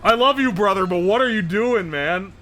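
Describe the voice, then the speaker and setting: A man's voice: sits high, lively intonation, normal speed, sharp tone, soft background music. A man streaming live, reading his chat aloud and reacting in a joking, profane way. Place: home streaming setup.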